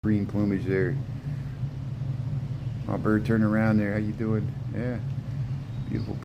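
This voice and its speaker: A man's voice: on the low side, little pitch movement, a little slow, creaky, muffled recording, heavy background noise. A man narrating a casual walking tour inside a zoo birdhouse, chatting to the birds and often repeating and trailing off his words. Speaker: vlogger.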